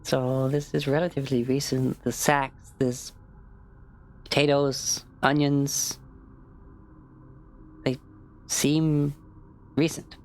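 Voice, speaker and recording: Game master for a tabletop game: a slow, halting woman with a strikingly low voice. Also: little pitch movement, darkish tone, faint music behind. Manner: hesitant, full of fillers, swears when frustrated.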